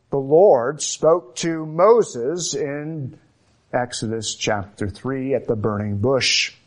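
A man preaching from the pulpit at an unhurried pace. His voice sits in a middle register, and he presses his points home through steady, emphatic repetition. The delivery is measured and deliberate throughout. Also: mid-range voice. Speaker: pastor. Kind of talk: sermon.

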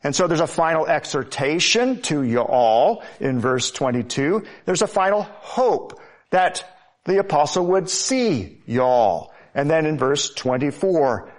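Man, pastor, preaching, emphatic repetition, slightly higher voice. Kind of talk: sermon.

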